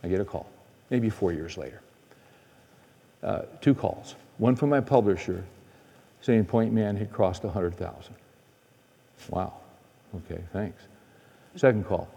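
A middle-aged male preacher tells a story in a sermon, his voice mellow and a little husky. He swings between excited bursts and hushed, quiet moments. The sound rings with the long reverb of a large hall. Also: fairly low pitch, unhurried, pauses often. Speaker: preacher and men's conference speaker.

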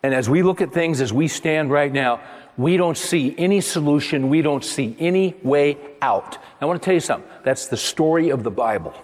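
A man preaching a sermon to his congregation, emphatic, with his voice climbing high on the points he stresses. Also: normal speed, a little mellow, in a large hall. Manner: emphatic, rising to high exclamations. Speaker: pastor.

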